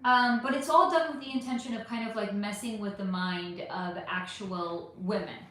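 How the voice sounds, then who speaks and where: A woman with a mid-range, slightly bright voice speaks at a moderate pace in a very echoey space. She's hosting a casual livestream, rambling through viewer comments and questions with lots of filler words.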